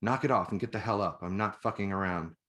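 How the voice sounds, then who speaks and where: Man reading tough woman soldier, urgent, snapping, low voice. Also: fast talker, a bit bright, natural voice.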